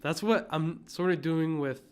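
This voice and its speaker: A man's voice: on the high side, a little slow, background noise. A man co-hosting a podcast in casual chat, rambling with lots of filler words. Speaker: podcast co-host.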